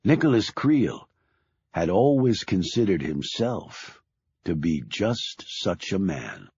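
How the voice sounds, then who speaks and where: A man giving measured, deliberate scripted audiobook narration. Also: low-pitched, sing-song, darkish tone, husky, no echo, highs cut off.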